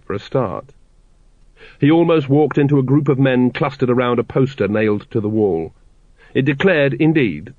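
A man narrating an audiobook in a measured, wry storytelling manner. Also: medium pitch, no echo. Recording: dry, slightly dull studio recording.

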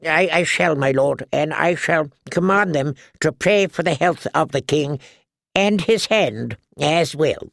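A man's voice: a little high, measured pace, creaky, fairly bright tone, no room sound, studio quality, voice pushed up. A man reading an audiobook, voicing a small, shrewd old male priest who speaks timidly. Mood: deferential.

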